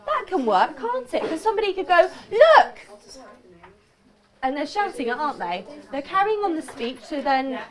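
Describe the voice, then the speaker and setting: A woman teaching a primary school class in a classroom, brisk and full of praise. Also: high-pitched, very animated.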